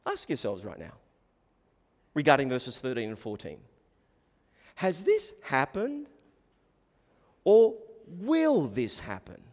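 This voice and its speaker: A man preaching in an earnest, emphatic way, pressing his main points home by repeating them. His voice sits a little high for a man, and a long reverb from the church hall trails each phrase. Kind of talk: sermon.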